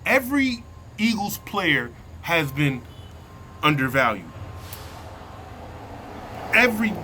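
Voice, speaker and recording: A man vlogging a heated sports opinion rant from inside a vehicle, slangy and worked up, repeating himself and sinking into low mutters. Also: sharp tone, slight background noise.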